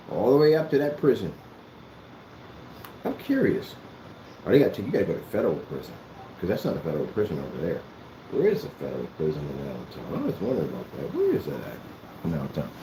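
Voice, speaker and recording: A man's voice: low voice, dark tone, a little hiss or hum. A man ranting at someone straight to the camera, scolding and sarcastic, with a lot of repetition. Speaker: vlogger. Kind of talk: confrontational address to camera. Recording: echoey room.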